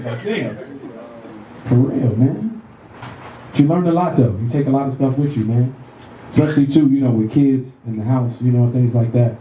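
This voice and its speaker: A man in his thirties doing a profane, animated stand-up set in a comedy club, acting out voices as he tells stories. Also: medium pitch, brisk, a crowd in the background. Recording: roomy club sound from a distant mic.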